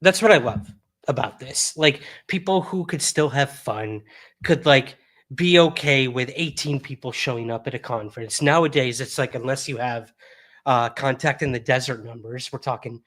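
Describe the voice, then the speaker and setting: A man's voice: medium pitch, normal speed, fairly bright tone. A man hosting a podcast in a studio, chatting casually with his guest and laughing often. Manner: laughs often, short reactions. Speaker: podcast host. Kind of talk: casual interview chat.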